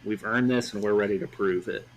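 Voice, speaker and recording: A calm, firm female wrestler, read out by a man who leans in and states her case quietly. Her voice sits slightly low. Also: brisk, a little hiss or hum, natural voice, low-quality recording.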